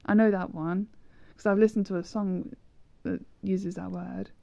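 A woman's voice: medium pitch, steady tone, a little slow, creaky, mellow, no room sound. A woman giving rambling, self-deprecating commentary while playing a language-learning game, often hesitating and trailing off. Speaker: gameplay video creator. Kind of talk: casual gameplay commentary.

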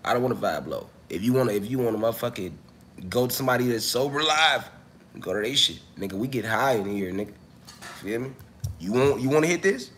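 A man's voice: fairly low pitch, animated, quick pace, a bit bright, slight background noise. A man hosting a casual livestream, coughing as he recovers from an illness, talking loosely and profanely straight to his viewers. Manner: loose, profane, chatty, addresses viewers directly. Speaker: livestream host.

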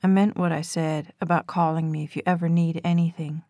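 A woman reading the part of a caring, protective young man in an audiobook, speaking softly and turning firm. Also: low-pitched, little pitch movement, brisk, no room sound, studio quality. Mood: tender. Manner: soft, gentle, firm when pressed.

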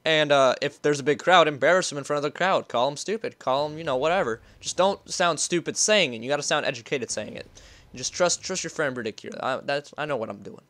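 A man narrates his gameplay in a rambling, casual way, his voice sitting a little high. He gets excitable, gasping and crying out when the action heats up. The recording is dry, with no room sound. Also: fast, dry recording. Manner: rambling and excitable, gasping and yelling during play. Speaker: gaming YouTuber.

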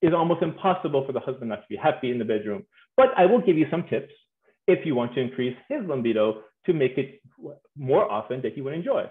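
A man giving a humorous conference talk on marriage, animated and playful, acting out voices and laughing often. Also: medium pitch, quick pace. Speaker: speaker on marriage. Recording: tinny phone-like sound in an echoey room.

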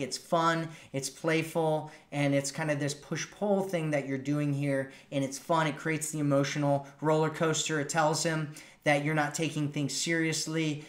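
A man giving casual dating advice on a live stream and acting out example lines in a relaxed, conversational way. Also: a little high, reverberant. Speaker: dating coach. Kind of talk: live-stream coaching talk.

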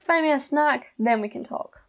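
A woman voicing a gruff, streetwise male raccoon trader in a game. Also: high-pitched, normal speed. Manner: streetwise, bossy.

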